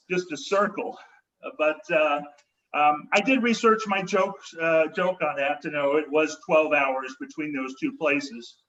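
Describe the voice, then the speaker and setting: A man hosting a comedy show and doing stand-up over a video call, with a wry, halting delivery. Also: on the high side, fairly bright tone, muffled recording.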